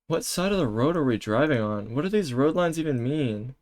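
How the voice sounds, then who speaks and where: A man's voice: medium pitch, lively intonation, fairly quick, a little mellow. A man streaming a game live, reacting in panicky bursts, swearing and exclaiming as he plays.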